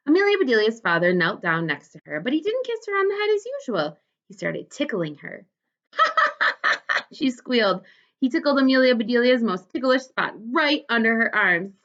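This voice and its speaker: A teacher, a woman, reads a storybook aloud to young children. Her voice rises and falls in an animated, expressive way. The recording is dull and lo-fi. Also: medium pitch.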